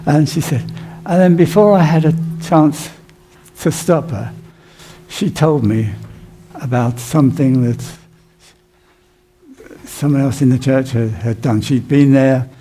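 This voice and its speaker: A man's voice: medium pitch, a little slow, dark tone. A male pastor giving a sermon in a conversational, storytelling way. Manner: conversational storytelling with plain emphasis.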